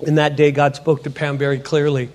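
A middle-aged man giving a spoken testimony in a church setting, an animated storyteller who acts out the dialogue. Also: on the high side, fairly quick. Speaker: potter and ministry speaker. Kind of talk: testimony sermon.

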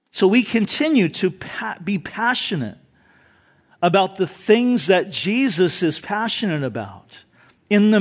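A male pastor preaching a sermon emphatically, with rhetorical questions and repeated phrases. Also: sits high.

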